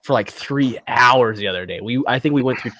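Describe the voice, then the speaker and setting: A man chatting casually with friends, telling lively stories and swearing often. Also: medium pitch, a little fast, no echo. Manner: animated storyteller, swears often, acts out voices. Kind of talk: casual group chat.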